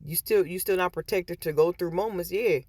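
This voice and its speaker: A woman's voice: lowish voice, moderate pace, a little mellow, dry recording. A woman vlogger talking casually to her viewers, chatty and repetitive, retelling stories with quoted voices. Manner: chatty, repeats words, storytelling with quoted voices. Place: in a store.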